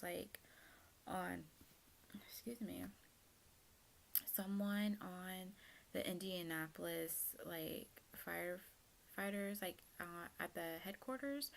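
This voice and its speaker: A young woman in her twenties, a vlogger, tells a personal story in a chatty, casual way packed with fillers. Her voice sits fairly low, with slight background noise.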